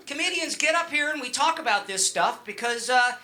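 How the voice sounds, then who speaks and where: A man's voice: extremely high pitch, animated, a little fast, few pauses, bright, forceful tone. A middle-aged man from Long Island performing a stand-up comedy set on a club stage, rambling loosely with fillers and restarts. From Long Island, New York.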